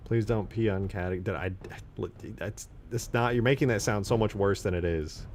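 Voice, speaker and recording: A man's voice: on the low side, moderate pace, soft background music. A young man hosting a game modding channel, chatting casually and rambling with lots of fillers and frequent laughs. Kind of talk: casual chat while modding.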